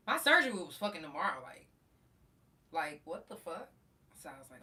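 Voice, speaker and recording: Woman on her podcast, cussing and acting out the story, bright forceful voice, a bit far off the mic. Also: sits low, fairly quick. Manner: profane, animated, acts out quotes. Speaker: podcast host. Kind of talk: casual storytelling.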